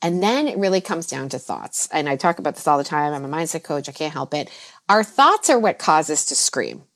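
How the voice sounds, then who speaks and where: With a brisk delivery, a woman mindset coach offers casual podcast advice, laughter often spilling into her sentences. She uses high, exaggerated voices for her own quotes and a soft, low tone when the subject turns to calming down.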